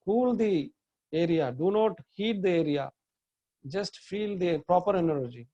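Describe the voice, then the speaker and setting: Slowly guiding a chakra meditation, a man who teaches yoga gives calm breathing cues and chants drawn-out mantras. His voice is high, and the recording is muffled but echo-free.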